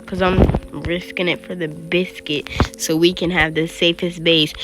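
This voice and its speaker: A woman's voice: lowish voice, flat delivery, a little slow, few pauses, over music. A woman casually talking through her own video game play, often dropping into a whisper. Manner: chatty, keeps drifting into whispers. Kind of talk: casual gameplay commentary.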